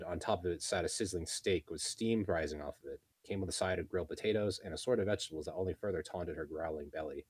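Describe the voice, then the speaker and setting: Low, husky male novel reader. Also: no room sound. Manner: steady reading with small slips and self-corrections. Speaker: narrator. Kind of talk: reading a light novel aloud.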